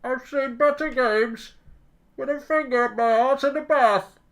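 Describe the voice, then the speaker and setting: A scornful masked villain, as a man puts him on, dragging out each word slowly. He sounds grumpy and contemptuous, with a bright, pushed tone. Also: very high-pitched, voice pushed up, heavily acted, rough recording. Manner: slow, scornful muttering.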